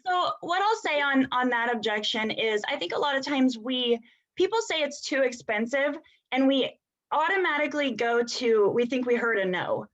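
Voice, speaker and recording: A woman's voice: sits high, expressive, moderate pace, a bit bright, highs cut off. A woman co-hosting a morning video call, coaching in a chatty way with many fillers. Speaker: co-host.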